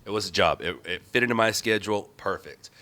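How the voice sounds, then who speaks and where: A man's voice: fairly low pitch, fast, pushed and bright. A man who works as a news stringer, talking bluntly in a casual chat and swearing casually as he tells stories.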